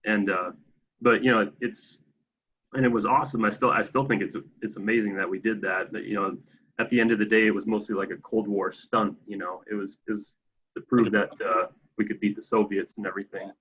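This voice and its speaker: Man, casual podcast chat, laid-back and hesitant, husky low voice, dull lo-fi sound. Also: steady tone, a little fast.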